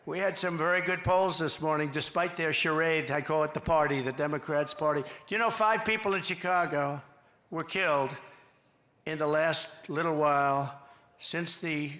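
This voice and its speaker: A political candidate addresses a large rally in an echoey venue with faint background noise, his voice on the high side with fairly even intonation and a moderate pace. He is boastful, rambling and repetitive, quoting others in asides and at times shouting to a cheering crowd.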